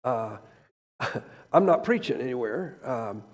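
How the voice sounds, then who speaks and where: An older man preaching, emotional and rambling at first, then rising loud and fervent. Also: mid-range voice, animated, slow. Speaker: traveling preacher. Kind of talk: sermon. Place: church sanctuary. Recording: echoey church hall.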